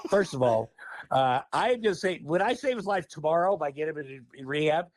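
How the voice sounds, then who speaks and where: A man telling a story on a podcast in a casual, animated, profane way. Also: on the high side, a little fast. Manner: animated, profane, laughing often. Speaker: podcast guest.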